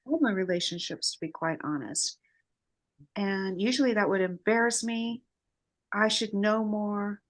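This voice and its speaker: Casting note: woman, mid-pitched voice, expressive emotional storyteller, relaxed conversation. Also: a little slow. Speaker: retreat guest. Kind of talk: casual conversation.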